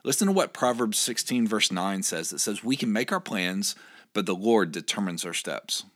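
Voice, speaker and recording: A man's voice: on the low side, expressive, normal speed, a bit bright. A male pastor giving a short, earnest devotional sermon, reading scripture aloud and encouraging his listeners.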